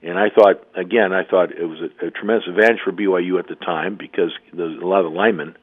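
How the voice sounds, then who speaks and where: An older former coach calls in as a guest, his voice a bit low and squeezed through a thin, tinny phone line. He rambles through his story with false starts and frequent throat clearing. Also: steady tone, fast talker. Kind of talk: phone interview, telling a story.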